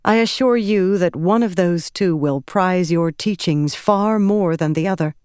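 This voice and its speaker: A woman's voice: fairly low pitch, a little slow, a little mellow, clean tone, dry recording, clean studio sound, close to an everyday voice. A woman voicing a formal, earnest young noblewoman who pleads her case respectfully. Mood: pleading.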